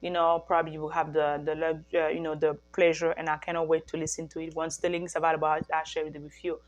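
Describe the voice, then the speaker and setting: A woman from Africa speaks straight to her viewers in a heartfelt personal testimony. Her voice sits a little low, and she leans on repetition, circling back over her words and restarting sentences as she goes. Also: flat delivery, fast talker, highs cut off, soft background music. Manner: earnest, repeats phrases for emphasis, frequent restarts. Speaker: mother sharing a faith-based healing message.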